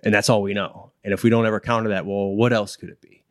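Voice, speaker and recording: A man's voice: on the low side, fast, no echo, clean studio sound. A man working as a training instructor, explaining in casual interview talk, acting out quotes with many restarts. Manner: animated, acts out quotes, frequent restarts. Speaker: instructor in behavior analysis training.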